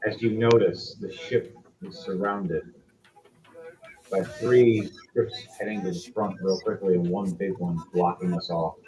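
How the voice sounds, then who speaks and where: A man narrating as game master in a relaxed, conversational way, with quick asides to the players. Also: deep voice, low-quality recording.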